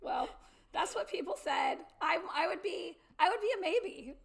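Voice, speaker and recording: A middle-aged woman hosts a morning show in a loose, chatty way, often breaking into laughter. Her voice sits high and carries a noticeable gravelly fry. She talks casually and easily. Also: animated. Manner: chatty and giggly, quick to laugh. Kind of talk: casual chat.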